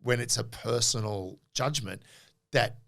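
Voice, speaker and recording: A middle-aged Australian man, a podcast guest, telling animated stories in a casual interview and acting out quoted dialogue. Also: medium pitch, unhurried, creaky.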